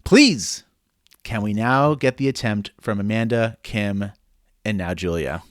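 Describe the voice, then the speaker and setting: A man's voice: lowish voice, animated, measured pace, no room sound, studio quality. A man co-hosting a casual podcast, reading out a listener email with bro-ish jokes. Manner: joking, bro-ish banter. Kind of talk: casual chat.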